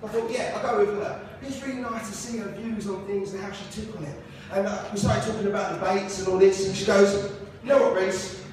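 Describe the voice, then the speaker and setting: A man's voice: high-pitched, steady tone, fairly quick, a little mellow, a little hiss or hum. A young man doing a stand-up comedy set in a comedy club, crude and swearing, with mock-outraged punchlines. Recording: echoey club room from far off.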